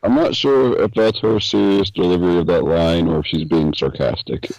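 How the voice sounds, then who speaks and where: A male co-host with a very deep voice, trading dry quips in a casual comedy chat. His mic sounds dull and dry, with no room at all. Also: moderate pace, creaky, darkish tone, no echo.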